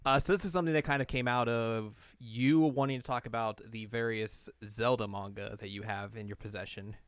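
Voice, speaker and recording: A man co-hosting a chatty podcast, with a smooth, clear voice recorded dry and close on the mic. He jokes and laughs often and fills his talk with "like" and "you know". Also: medium pitch, steady tone, fairly quick, dry recording. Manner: jokey, laughs often, many fillers. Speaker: podcast co-host. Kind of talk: casual chat.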